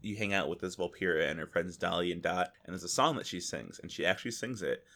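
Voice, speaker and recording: A man co-hosting a casual gaming podcast, animated and joking, slipping into silly voices. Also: sits low, fast talker. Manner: animated, breaks into exaggerated voices for jokes. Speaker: podcast co-host.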